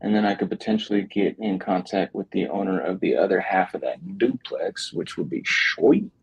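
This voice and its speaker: Gravelly man in loose livestream chat. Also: sits low, a little fast, darkish tone, no room sound, rough recording. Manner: loose, joking, swears casually. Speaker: real estate wholesaler calling sellers on a livestream.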